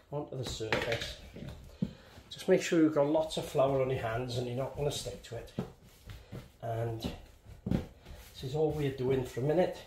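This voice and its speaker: A man in his sixties with a Welsh accent talks viewers through kneading sourdough in his home kitchen, chatty and step by step. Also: mid-range voice. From Wales. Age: 60s. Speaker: home baker. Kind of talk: casual baking demonstration. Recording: echoey kitchen, faint background noise.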